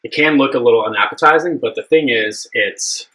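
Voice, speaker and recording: A man's voice: medium pitch, fairly quick, a bit bright, low-quality recording. A young man hosting a live cooking stream, chatting casually and upbeat with his viewers, rambling with plenty of fillers.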